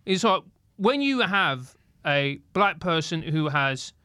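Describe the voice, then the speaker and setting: South London man, podcast guest, high animated voice, joking banter, dry close mic. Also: takes it slowly, smooth, no echo. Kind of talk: casual chat.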